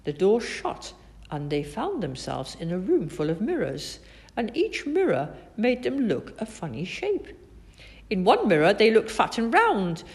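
Woman reading a kids' story, lively voice that swoops all over. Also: mid-range voice, normal speed. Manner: expressive, animated storytelling. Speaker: narrator.

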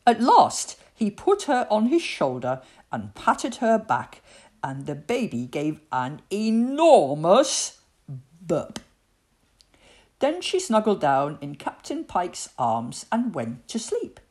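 A woman reading a children's storybook aloud in an expressive storytelling voice. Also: medium pitch. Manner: expressive, slow, lively storytelling.

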